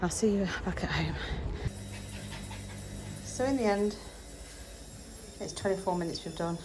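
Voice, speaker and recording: A woman's voice: lowish voice, expressive, unhurried, noisy background. A woman chatting casually in a daily vlog, rambling about her day while walking outdoors, sometimes out of breath. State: out of breath at times. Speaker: vlogger.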